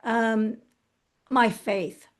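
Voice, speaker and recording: A middle-aged woman, a guest author in an interview, speaks with a fairly high pitch and fairly even intonation. She talks about her past candidly and earnestly, reflecting as she goes and often halting to restart her sentences.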